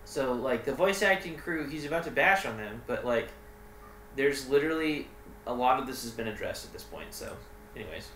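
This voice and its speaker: A man's voice: mid-range voice, animated, normal speed, a bit bright, slight background noise. A man hosting a reaction video, casual and joking, defending the game with sarcastic jabs. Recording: echoey room.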